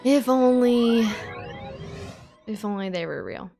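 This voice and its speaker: Speaking slowly in a fairly high voice with some vocal fry, a woman streams a game with faint music behind her. She laughs a lot, giggling and animated while she reads the chat and replies to her viewers.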